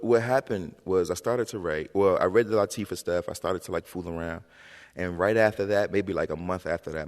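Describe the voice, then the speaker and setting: A man in his thirties, a guest author, telling stories in an animated, slangy, conversational way on a high school auditorium stage. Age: 30s. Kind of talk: onstage storytelling conversation. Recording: long reverb in a school auditorium.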